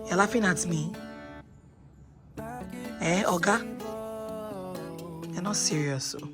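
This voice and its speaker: A woman's voice: fairly low pitch, slow pace, long pauses. A woman with a Nigerian English accent playfully scolding her baby at home, mock-stern and repeating herself. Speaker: vlogger, mother. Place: bedroom at home. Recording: background music under voice.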